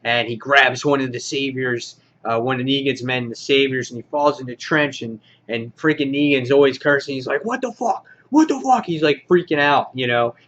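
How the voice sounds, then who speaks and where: A man giving a casual comic book review, rambling with many filler words and getting excited as he goes. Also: medium pitch, normal speed, hardly any pauses, muffled recording.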